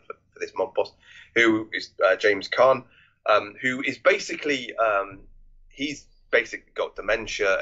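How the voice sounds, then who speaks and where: A man's voice: low voice, bright, forceful tone, dull audio. A man co-hosting a casual film review podcast, rambling with many restarts and swearing freely. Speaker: podcast co-host.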